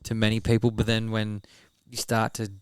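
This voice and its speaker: A man's voice: lowish voice, monotone, normal speed, clear, resonant tone, dry recording, clean studio sound. An Australian man hosting a podcast, chatting casually and bluntly, swearing freely. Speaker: podcast host. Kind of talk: casual chat.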